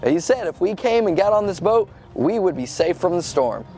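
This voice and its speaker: A performer playing a friendly, faithful male lion in a children's skit, talking in a relaxed and hesitant, jokey way. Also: mid-range voice, moderate pace, faint music behind. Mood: easygoing. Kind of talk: comedic skit acting.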